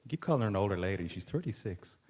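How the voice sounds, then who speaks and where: Fast-talking man moderating. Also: lowish voice, lively intonation, darkish tone, husky. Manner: quick, joking. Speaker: panel moderator and podcast host. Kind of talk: moderating a panel Q&A.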